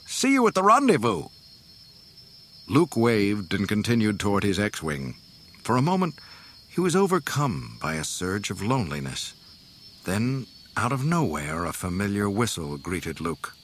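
A man reading a storybook aloud in a dramatic, expressive way. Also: on the low side, measured pace, a little hiss or hum. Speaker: narrator. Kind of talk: storybook narration.

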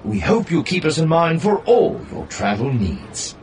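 A man's voice: a little high, huge pitch swings, unhurried, darkish tone, recorded from a distance, slight background noise, pitched above the performer's own voice, full character voice. A man reading an audiobook voices a fawning, chatty male flying-taxi machine with overly polite sales patter. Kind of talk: audiobook narration.

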